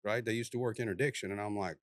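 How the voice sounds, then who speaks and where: A police officer telling a story in casual conversation, laid-back and drawling, lively as he acts out the people in it. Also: on the low side, very fast, no room sound, studio quality. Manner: animated, acts out the people he quotes in a raised voice.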